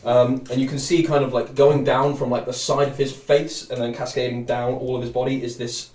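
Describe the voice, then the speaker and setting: A man narrating a tabletop game in a loose, rambling way, stacking fillers as he describes scenes. His mid-pitched voice sits in a roomy space, picked up from some distance. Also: flat delivery, a little fast, darkish tone. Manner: rambling, many fillers and restarts. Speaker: game master.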